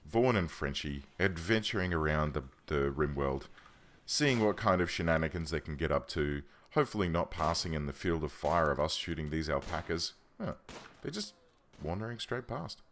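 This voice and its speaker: Low-voiced, lively gaming commentator man. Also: normal speed, a little hiss or hum. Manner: chatty, thinking aloud, self-correcting. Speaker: let's play host. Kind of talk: casual game commentary. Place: home room.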